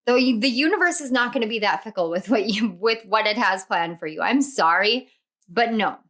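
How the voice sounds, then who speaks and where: A woman giving a casual tarot reading, speaking affectionately and repeating warm encouragements to her viewers. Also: mid-range voice, animated, normal speed. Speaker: tarot reader.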